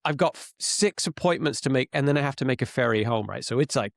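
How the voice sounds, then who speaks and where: This man co-hosts a podcast from rural Canada, chatting casually and acting out his own frustrations as an animated storyteller. His medium-pitched voice moves fast, captured on a dry recording with clean studio sound.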